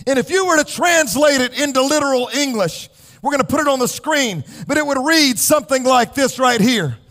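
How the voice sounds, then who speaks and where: Male pastor, very high voice, passionate church sermon with shouting and singsong cadence. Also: lively intonation, brisk. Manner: impassioned preaching, rising to shouts and sung cadences. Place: church sanctuary.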